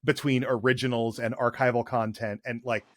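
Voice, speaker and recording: A man's voice: medium pitch, little pitch movement, fairly quick, no echo, studio quality. A man hosting a podcast in casual chat, jokey and enthusiastic, with loose, rambling sentences. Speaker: podcast host.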